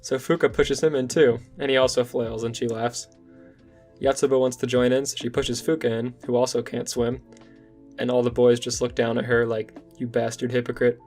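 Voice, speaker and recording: A man's voice: mid-range voice, flat delivery, moderate pace, darkish tone, soft background music. A young man recapping and recommending a manga in a casual, enthusiastic vlog. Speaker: manga reviewer.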